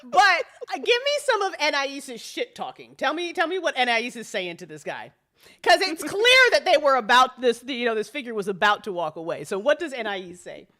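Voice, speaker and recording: Woman, game master, tabletop role-play, laughing, profane, lively pitch. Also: a little fast.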